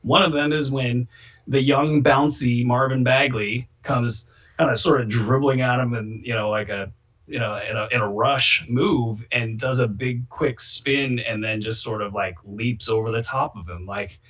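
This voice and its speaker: A man's voice: mid-range voice, fairly even intonation, measured pace, fairly bright tone. A man hosting a casual sports chat, opinionated and rambling, given to hot takes. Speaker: host.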